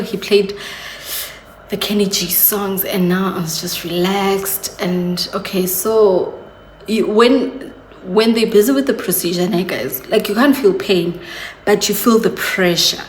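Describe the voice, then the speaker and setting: A woman's voice: medium pitch, a little slow, slight background noise. Chatty woman vlogger. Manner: chatty, confiding, addresses viewers as guys. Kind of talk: casual storytelling to camera. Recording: echoey room.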